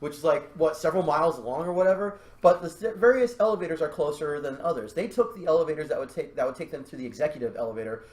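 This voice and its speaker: Male podcast host, lively storyteller who laughs often; voice sits a bit high; roomy echo. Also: fast, hardly any pauses. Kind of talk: casual podcast chat.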